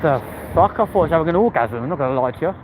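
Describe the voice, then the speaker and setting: A man with a London accent, originally from England, is live-streaming as he walks through the city, cheekily chatting with viewers and cursing freely. He talks very fast in a fairly high, expressive voice, against background noise.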